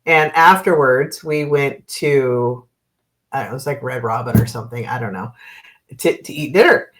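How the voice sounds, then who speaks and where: A woman's voice: rumbling low, moderate pace. A middle-aged woman from Oregon, a card and dowsing reader, chatting casually on a livestream in a rambling way and laughing often. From Oregon, US West Coast.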